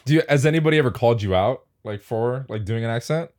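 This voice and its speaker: A man's voice: medium pitch, fast talker, a little mellow. A young man co-hosting a comedy podcast, chatting casually and laughing easily. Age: young adult. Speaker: podcast co-host. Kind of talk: casual chat.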